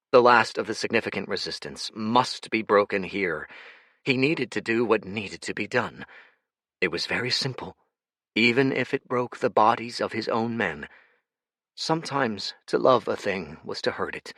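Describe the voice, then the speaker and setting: A man narrating a fast-paced action audiobook in a dramatic, animated reading style, close to the mic. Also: lowish voice, dry recording.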